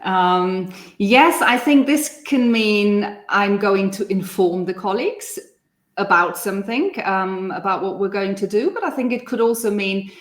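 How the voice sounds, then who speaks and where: Unhurried woman, low voice, echoey room. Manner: measured, explains with example phrases. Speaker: German language coach. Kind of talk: casual online discussion.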